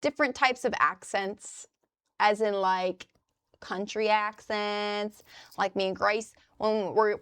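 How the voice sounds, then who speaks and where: A woman's voice: medium pitch, fairly even intonation, slow, creaky, no room sound. A young woman from the US Midwest, chatting loosely with her live chat as a streamer and swearing casually. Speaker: livestreamer. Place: indoors at a crafting desk.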